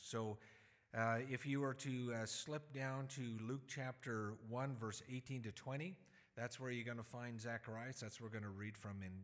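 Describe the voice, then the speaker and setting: A male pastor preaching a sermon in a relaxed, conversational way, with fillers and restarts, sometimes acting out quotes. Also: medium pitch. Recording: long hall reverb.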